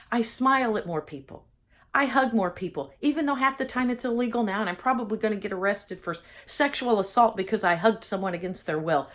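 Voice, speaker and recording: A woman's voice: a little high, a bit bright. An older woman giving a motivational vlog talk, exuberant and preachy, laughing often as she speaks. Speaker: inspirational vlogger.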